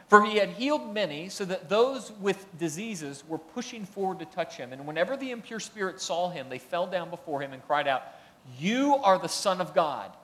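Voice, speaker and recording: A man's voice: fairly high pitch, a bit bright. A man preaching a sermon in a conversational way, building emphasis on his key points and reading passages aloud. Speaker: pastor.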